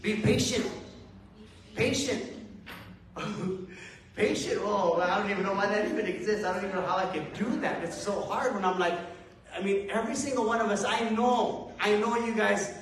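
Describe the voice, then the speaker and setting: A man's voice: high-pitched, moderate pace, a bit bright, a little hiss or hum. A man preaching a conversational sermon to a congregation, casual and self-deprecating, with chuckling asides. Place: church hall with a congregation. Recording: echoey hall from far off.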